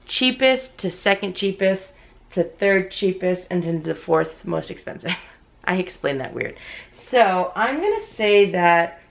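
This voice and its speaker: A young woman with a low, gravelly voice chats casually to her viewers while unboxing collectibles at home. She talks straight to the camera and breaks into squealing excitement at good finds. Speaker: unboxing vlogger. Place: at home indoors with others asleep.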